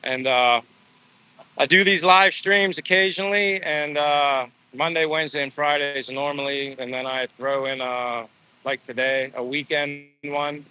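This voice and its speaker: A man's voice: a little high, steady tone, unhurried, sharp tone, clean tone, low-quality recording. A man in his fifties from the USA, chatting casually in a live stream while out walking, friendly and rambling with lots of fillers. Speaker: vlogger. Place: outdoors on a walk. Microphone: phone at arm's length.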